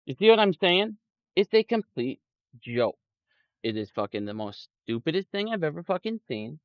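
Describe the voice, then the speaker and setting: A man's voice: a little high, very animated, moderate pace, no room sound. A man ranting angrily and profanely in a livestream commentary, mocking the people he quotes in put-on voices. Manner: profane, angry ranting with frequent swearing. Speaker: stock market streamer. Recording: dull lo-fi audio, dry.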